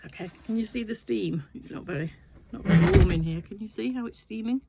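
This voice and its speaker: An older woman chats her way through a long anecdote, wandering off into asides as she goes. Her voice has a gravelly edge and sits at a middling pitch. She talks casually from her sewing shed. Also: a little fast, very noisy. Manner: chatty, rambling anecdote with asides. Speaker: sewing vlogger. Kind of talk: casual storytelling chat.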